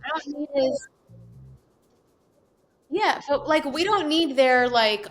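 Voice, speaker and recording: Woman, podcast co-host, casual chat, animated storytelling, faint background music. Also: sits high, takes it slowly, pauses often. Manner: chatty storyteller, acts out others' lines.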